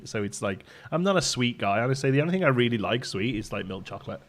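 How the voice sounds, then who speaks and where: A man's voice: medium pitch, animated, fast, slight background noise. A young man hosting a live stream, chatting casually with viewers and joking with laughs. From Britain. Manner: joking, laughs often, banters with chat. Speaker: livestream host.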